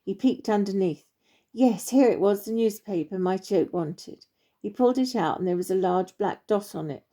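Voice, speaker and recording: Mellow-voiced woman reading a children's story. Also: mid-range voice, moderate pace.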